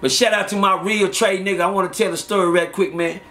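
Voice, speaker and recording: Storyteller, man, high voice, animated, acts out the voices he quotes. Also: fast. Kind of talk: casual storytelling.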